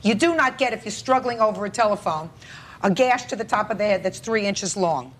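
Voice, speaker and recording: A stern woman judge presses a witness with blunt, skeptical questions. Her pitch swings widely as she talks. A faint hiss sits under her voice. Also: lively intonation, brisk. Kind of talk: courtroom questioning.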